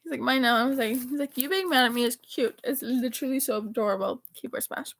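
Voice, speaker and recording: A high-voiced teenage girl chats casually to her phone, reading out a string of text messages in a rambling, animated way and swearing freely. The recording is close and dry, with no room sound. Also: fast, no echo. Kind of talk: casual chat reading out texts.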